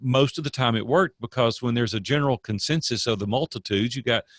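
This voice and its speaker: A man's voice: medium pitch, brisk, no room sound, clean studio sound. An older man, a coach and guest, telling stories in a casual interview with an earnest, preachy manner.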